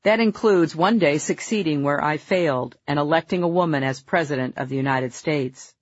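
A woman reading her own memoir aloud in a measured, earnest, reflective way. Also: sits low, no room sound, dull audio. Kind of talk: memoir audiobook narration.

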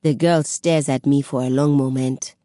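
A woman narrating a first-person story as an audiobook, in a measured, dramatic way. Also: extremely low pitch, fairly even intonation, mellow, dry recording, studio quality.

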